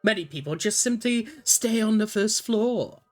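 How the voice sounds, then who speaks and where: A woman's voice: mid-range voice, expressive, moderate pace, faint music behind, voice pushed up, lightly acted. A woman doing a sly male gambler. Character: smooth-talking male wandering gambler.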